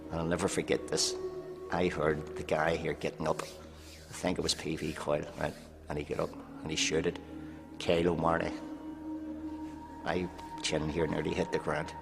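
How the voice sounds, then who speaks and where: A man in his sixties with a Northern Irish accent, recounting prison memories in a documentary interview and habitually dropping "here" into his sentences. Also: low voice. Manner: keeps dropping "here" into sentences, flat storytelling. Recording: reverberant room with faint music.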